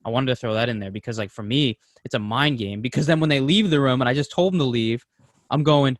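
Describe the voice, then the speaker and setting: A man's voice: medium pitch, fast, dry recording, studio quality. A man co-hosting a casual podcast, talking openly and rambling, swearing freely. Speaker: podcast co-host.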